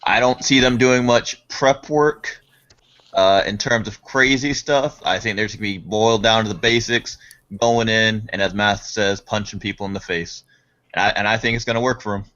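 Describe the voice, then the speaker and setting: A man's voice: on the low side, fairly even intonation, moderate pace, fairly bright tone. A man predicting how a team will do in a casual gaming chat, earnest and full of ums and restarts, over muffled call audio. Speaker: co-commentator.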